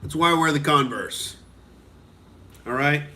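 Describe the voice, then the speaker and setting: A man's voice: on the high side, unhurried, pushed and bright, a little hiss or hum. A young male comedian from Oklahoma ranting on a live stream, heated and profane, reading out and answering viewer comments.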